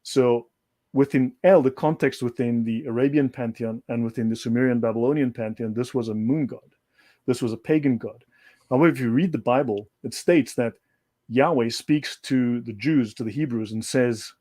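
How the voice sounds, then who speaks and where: A man's voice: medium pitch, moderate pace, dark tone. Guest on a livestream: an emphatic man who lectures and circles back to repeat his points, mid-range voice. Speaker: guest speaker. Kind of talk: livestream discussion.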